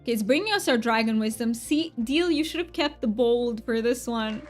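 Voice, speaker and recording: A woman livestreams a cozy game, chatting with viewers in a bubbly, upbeat manner and laughing frequently, with faint music in the background. Her voice is a little high and expressive, at a moderate pace.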